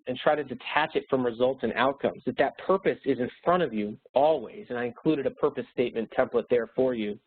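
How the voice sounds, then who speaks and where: A man's voice: medium pitch, slightly rough. A man in his thirties giving a motivational webinar talk, earnest and upbeat, coaching his listeners with anecdotes. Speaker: webinar speaker. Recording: phone-like narrow sound.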